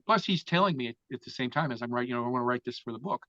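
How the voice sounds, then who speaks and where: Rapid-fire and mid-range, a man from Florida tells a lengthy tale as an interview guest, swearing freely and acting out other people's lines with lots of animation. The recording is dry, dull, and lo-fi.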